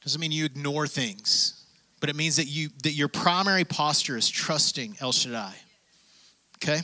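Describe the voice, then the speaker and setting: A man's voice: on the high side, moderate pace, sharp tone. A man preaching a sermon, reading scripture and urging listeners on with emphatic bursts. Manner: preaching with rising emphatic bursts, calls of "come on". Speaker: pastor.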